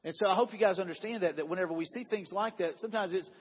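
A man's voice: high-pitched, racing, breathy edge. A man preaching a sermon, telling a story in a conversational way and often repeating himself. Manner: conversational, repeats himself, quotes people in dialogue. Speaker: pastor. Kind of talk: sermon with slides. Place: church sanctuary. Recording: dull sound in a large echoing hall.

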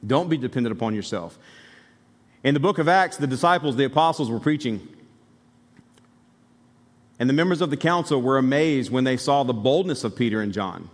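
A male pastor from Alabama delivers a sermon in a mid-pitched voice. He preaches conversationally but emphatically and turns to the congregation with asides. The sound carries the long reverb of a church sanctuary. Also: expressive, fairly quick, long pauses.

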